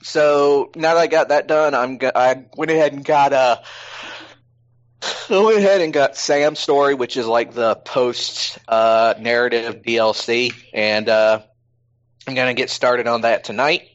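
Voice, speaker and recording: A man's voice: medium pitch, a little slow, lo-fi sound. A man hosting a podcast in casual chat, rambling with plenty of fillers. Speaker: podcast host.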